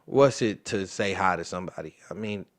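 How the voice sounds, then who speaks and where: A man's voice: low voice, a little fast. A young man in his twenties, an interview guest and football player, telling a story casually and acting out the voices of the people in it.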